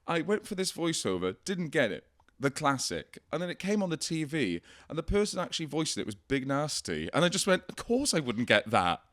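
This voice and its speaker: Welsh male comedy podcast host, animated pitch, loose and jokey. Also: a little fast. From Wales. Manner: chatty, laughs often, swears. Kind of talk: casual comedy podcast chat.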